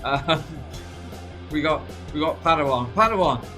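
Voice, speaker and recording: A man's voice: on the high side, expressive, unhurried, pushed and bright, faint music behind. An English man in a casual livestream chat, greeting viewers by name and laughing often. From England.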